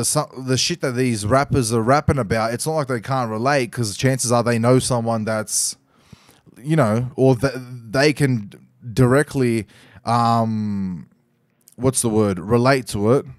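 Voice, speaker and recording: A man's voice: medium pitch, fairly even intonation, unhurried, no room sound, studio quality. A young man hosting his own podcast, talking casually and off the cuff, swearing freely, with restarts and fillers as he rambles through listener questions. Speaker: podcast host. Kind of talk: casual solo podcast monologue.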